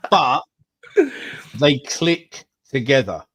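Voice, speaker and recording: A man's voice: mid-range voice, expressive, very slow, fairly bright tone, slightly rough. A man co-hosting a live football podcast, talking bluntly and swearing freely. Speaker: podcast co-host. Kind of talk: casual live-stream chat.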